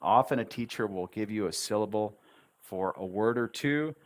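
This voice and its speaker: A man's voice: lowish voice, normal speed. A man teaching English pronunciation on a livestream, repeating words syllable by syllable with encouraging asides. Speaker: English tutor.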